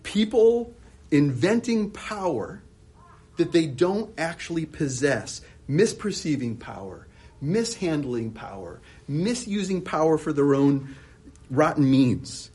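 A man's voice: fairly high pitch, big pitch swings, takes it slowly, a little mellow, slightly rough. A man preaching an expository sermon, asking many rhetorical questions and often restarting his sentences.

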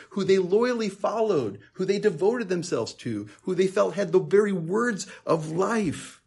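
Husky-voiced earnest male preacher. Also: medium pitch, a little mellow. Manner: earnest, emphatic, rising into passionate peaks; repeats words while thinking aloud. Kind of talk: conversational sermon.

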